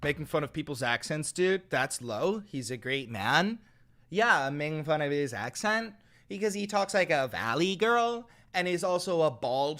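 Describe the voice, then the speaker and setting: A man's voice: fairly high pitch, expressive, normal speed, sharp tone. A man hosting a live political stream, ranting in a heated, profane and mocking way.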